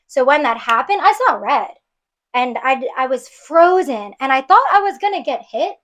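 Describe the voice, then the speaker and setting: A woman's voice: high-pitched, lively intonation, normal speed, fairly bright tone. A woman from New York City, a podcast guest, earnestly retelling a painful personal story with many restarts. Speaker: guest auditioning as co-host.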